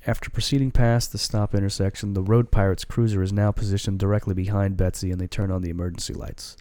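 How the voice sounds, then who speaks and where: A man's voice: lowish voice, level tone, fast, dark tone, dry recording. A man hosting a casual chat, reading a story aloud in an amused, laid-back way and swearing casually.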